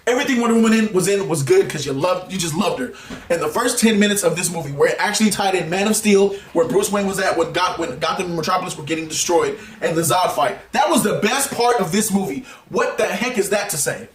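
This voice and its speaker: Guy with a high voice ranting hard about a movie, laughs and yells a lot, kinda echoey room. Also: quick pace, slight background noise. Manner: animated, exasperated ranting with frequent laughs and sudden shouts. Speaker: YouTube movie reviewer. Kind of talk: heated movie review rant.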